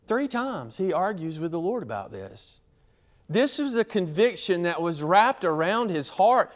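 Male pastor, slightly high voice, animated sermon delivery with acted quotes.

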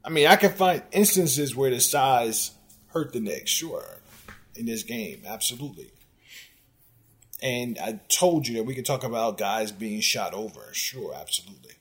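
A man hosting a sports commentary show, ranting in an exasperated, sarcastic way at fan comments and rising to loud outbursts. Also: mid-range voice, expressive, moderate pace. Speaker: sports podcast host.

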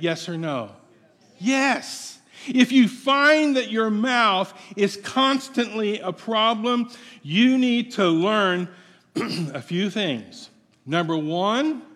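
A man's voice: high-pitched, a bit bright. A man preaching a sermon in a conversational, playful way, asking his congregation questions. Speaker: pastor. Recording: long hall reverb.

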